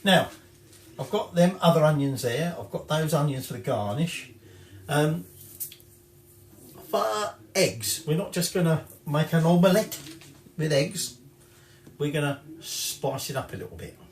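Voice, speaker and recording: A man's voice: on the high side, lively intonation, measured pace, long pauses. A man giving a casual cooking demonstration, chatty and rambling, correcting himself and swearing offhandedly. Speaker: home cook presenting a recipe. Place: home kitchen. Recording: echoey kitchen with clattering dishes.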